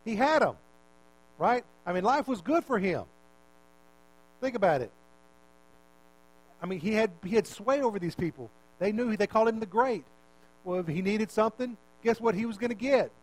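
Male preacher, high-pitched, casual sermon delivery with questions to the congregation. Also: expressive, moderate pace, pauses often, poor audio. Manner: conversational, repeats words, asks the listeners questions.

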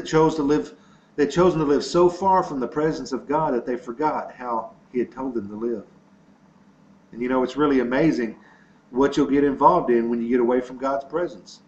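A man's voice: mid-range voice, a little mellow. A male pastor delivering an earnest sermon, telling stories and repeating phrases for emphasis. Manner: earnest preaching with repetitions and storytelling. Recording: echoey room with faint noise and dull sound.

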